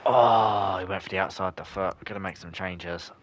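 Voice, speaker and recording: A young man, streaming live, commenting on the match and chatting with viewers, breaking into shouts at close chances. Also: sits low, steady tone, normal speed, slight background noise. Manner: chatty, bursts into shouts at near misses. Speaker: gaming streamer. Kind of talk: live gameplay commentary and chat reading.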